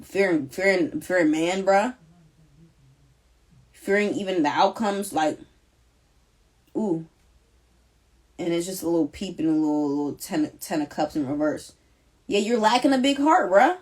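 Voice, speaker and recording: A woman's voice: fairly low pitch, animated, a little slow, long pauses, darkish tone. A young woman doing a live collective tarot reading, talking in an emphatic, slangy, repetitive and emotional way. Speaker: tarot reader.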